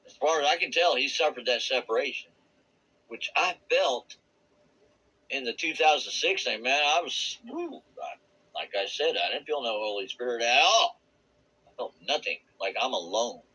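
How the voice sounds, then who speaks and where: A man giving a rambling, earnest personal testimony about a spiritual experience. He searches for words and laughs softly now and then. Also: medium pitch, expressive, normal speed, slightly rough, rough recording. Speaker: vlogger sharing a spiritual experience.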